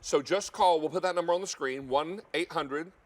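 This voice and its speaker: Man, shopping-show host, folksy, food-loving, slightly high voice, studio kitchen. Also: normal speed. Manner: folksy, enthusiastic about food. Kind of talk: live shopping show chat. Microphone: earpiece and studio mic.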